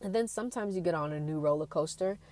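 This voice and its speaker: A woman's voice: lowish voice, quick pace, darkish tone. A young adult woman, a college student, talking through her feelings in a rambling, earnest personal monologue full of fillers.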